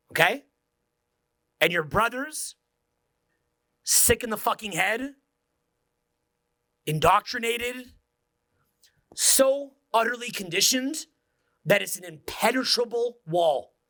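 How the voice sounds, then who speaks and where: Intense, preachy man with forceful voice. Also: very high-pitched. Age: 40s. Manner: intense, preachy, profane, swings to near-whispers. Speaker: social skills coach. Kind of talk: intense motivational speech.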